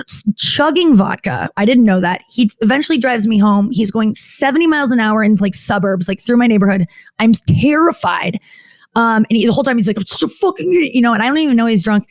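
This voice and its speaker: A woman comedian talks frankly as a podcast guest, her voice sitting a little high. She rambles, cuts herself off, and fills her sentences with "like." When she quotes other people, her pitch jumps up. The sound is close and dry, with no room echo. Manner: rambling, frequent "like", self-interrupting. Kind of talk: candid podcast interview.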